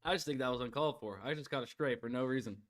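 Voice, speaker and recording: A young man co-hosting a sports betting livestream, talking in a laid-back, quiet way and teasing back. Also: medium pitch, very fast. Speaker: co-host. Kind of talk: casual livestream chat.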